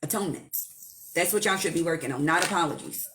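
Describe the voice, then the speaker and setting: A woman hosting a casual live stream from home, giving spiritual advice in a blunt, profane, animated way. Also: lowish voice, quick pace, background noise. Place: at home with her child nearby.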